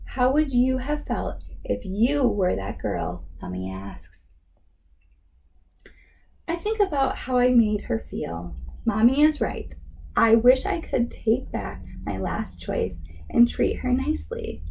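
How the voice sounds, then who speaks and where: A woman reading a children's picture book aloud, slow and expressive. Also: a little high, gravelly, slight background noise. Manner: slow and expressive, voicing the characters. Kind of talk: children's read-aloud narration.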